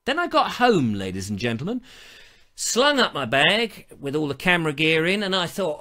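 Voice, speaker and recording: High and sing-song, with a sharp tone, his voice moves at a moderate pace. He's a middle-aged English host of a live online show, chatting casually and telling theatrical stories peppered with playful asides.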